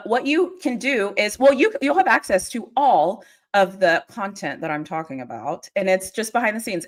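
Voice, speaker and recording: Woman, casual livestream chat, laughs a lot, lively swooping voice, desk mic. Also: mid-range voice. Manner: giggly, animated, laughs often. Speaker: livestream host.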